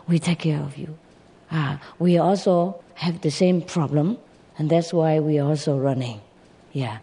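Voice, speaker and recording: The narrator doing a soft, soothing buffalo. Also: mid-range voice. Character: big gentle buffalo, calm protector. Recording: long hall reverb.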